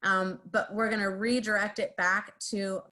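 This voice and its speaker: A woman moderating a panel on a video call, introducing a guest and asking her questions in a slightly halting way. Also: mid-range voice, level tone, bright, forceful tone.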